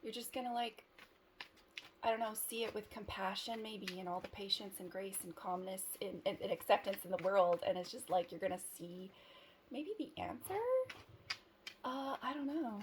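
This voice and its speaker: A woman's voice: mid-range voice, normal speed, a little hiss or hum. A woman giving a casual tarot reading to the camera, who rambles, giggles and cuts herself off mid-thought. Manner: rambling, giggly, self-interrupting. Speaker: tarot reader.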